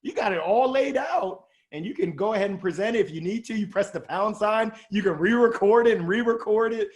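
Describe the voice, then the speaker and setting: A middle-aged guest sales coach from Alabama speaks with a Southern drawl and a high-sitting voice in an energetic interview. He is animated and exuberant, tossing off quick jokes at his own expense.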